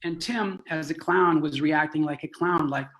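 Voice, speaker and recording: A man, a clown, telling a lively anecdote in a conversation, laughing and restarting as he goes. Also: fairly high pitch, normal speed. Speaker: clown and co-founder guest. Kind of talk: animated storytelling.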